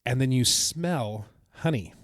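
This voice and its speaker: A man's voice: mid-range voice, expressive, a little slow, fairly bright tone, dry recording, studio quality. A man co-hosting a podcast, recounting his trip in a casual, enthusiastic, rambling way. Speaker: podcast co-host. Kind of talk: casual chat.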